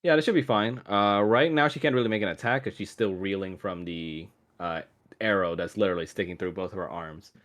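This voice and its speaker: A man's voice: low-pitched, fairly quick, fairly bright tone. A man narrating as dungeon master, casual and full of fillers. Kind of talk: narrating a tabletop game.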